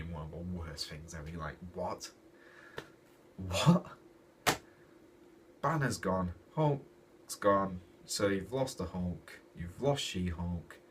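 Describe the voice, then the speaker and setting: A deep-voiced man rants through a comic review in an animated, exasperated way. He sits back from the mic, and a clear hiss of noise runs under his voice. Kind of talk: casual comic review rant. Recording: distant mic with noisy background.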